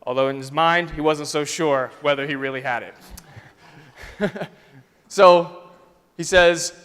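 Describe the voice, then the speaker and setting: A male pastor preaching a sermon as a vivid story, swinging between loud and soft passages. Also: fairly high pitch, slow, smooth. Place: church sanctuary. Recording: long reverb of a church sanctuary.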